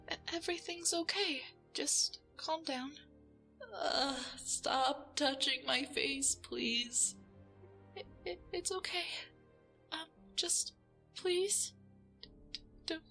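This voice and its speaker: A woman's voice: high voice, pushed and bright, exaggerated voice. A woman playing a frightened young woman held captive in an audio drama, talking in whispery, breathless bursts and stammering when scared. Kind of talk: audio drama role-play.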